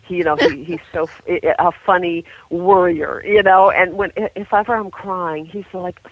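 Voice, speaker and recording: A woman guest talking with deep feeling and animation about the rescue dogs she loves and a book she wrote. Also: moderate pace, no room sound, dull audio. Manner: heartfelt, animated, full of feeling. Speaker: guest, author of a dog book. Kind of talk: emotional interview storytelling.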